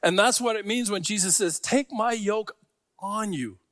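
A man's voice: sits high, normal speed, fairly bright tone, dry recording, clean studio sound. A man preaching a sermon to a congregation, talking in a conversational way with joking asides. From Scarborough. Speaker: pastor.

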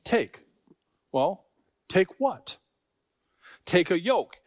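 High-voiced man preaching a sermon. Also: measured pace, no room sound. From Scarborough. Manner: conversational, joking asides to the congregation. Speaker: pastor.

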